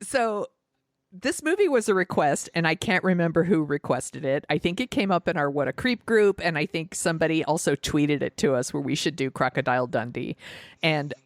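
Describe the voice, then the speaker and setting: A woman hosting a casual podcast, her voice sitting on the low side. She jokes, laughs easily and swears offhandedly. The sound is dry and close to the mic. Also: lively intonation, brisk, no room sound. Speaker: podcast host. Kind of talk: casual chat.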